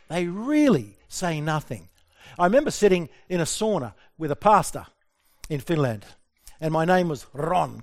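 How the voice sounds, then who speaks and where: A middle-aged Australian man giving a humorous personal talk to an audience, lively and self-deprecating, often asking the crowd questions. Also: on the high side. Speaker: speaker addressing an audience.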